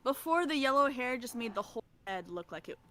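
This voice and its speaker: Woman voice actor as a podcast guest, playful, quick with jokes, casual. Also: fairly high pitch, animated, a bit bright, slight background noise. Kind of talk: casual chat.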